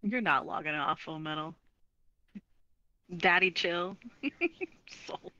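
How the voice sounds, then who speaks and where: A woman's voice: on the low side, slow pace, sharp tone, no echo, lo-fi sound. A young woman chatting and teasing her teammates over a headset during an online game. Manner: teasing, playful. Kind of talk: casual gaming chat.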